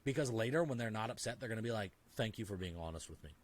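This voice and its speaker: Speaking very fast with lively intonation and a lowish pitch, this man is a guest in a casual podcast conversation. He's emphatic, filler-heavy, full of "like"s, and keeps performing small exchanges in different voices.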